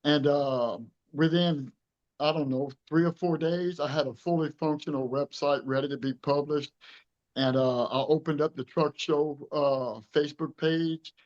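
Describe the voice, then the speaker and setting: A man's voice: on the high side, steady tone, measured pace, darkish tone, highs cut off. A man in his fifties from Louisiana, telling his story in an interview with earnest emotion and acting out the dialogue. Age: 50s. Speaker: truck show director being interviewed.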